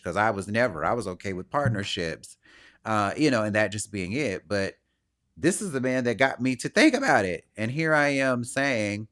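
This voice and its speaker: A man's voice: fairly low pitch, normal speed. A man hosting his own podcast, talking through his feelings in an earnest, searching, self-questioning way and sometimes acting out what other people said. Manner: animated, acts out other people's voices. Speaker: podcast host. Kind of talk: personal reflective monologue.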